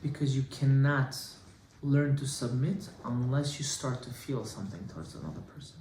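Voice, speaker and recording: A man giving an informal Torah class as a rabbi, animated and conversational, with Hebrew terms mixed in. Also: mid-range voice. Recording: echoey room with faint noise.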